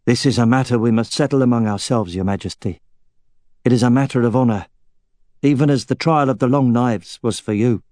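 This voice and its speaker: Guy doing a cold, resolved young man, low and measured, dark mellow tone. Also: no echo, studio quality, lightly acted.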